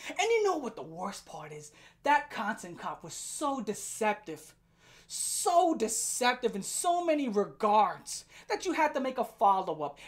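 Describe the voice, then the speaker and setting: A woman commentator in full rant mode, with a high voice that leaps all over the place. She swears freely, mocks her target and keeps the heat turned up throughout. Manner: heated, profane, mocking. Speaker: online commentator.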